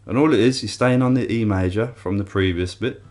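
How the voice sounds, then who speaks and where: A man's voice: on the low side, fairly quick. A man teaching a guitar lesson, explaining each step and counting strums aloud. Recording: loud guitar playing behind.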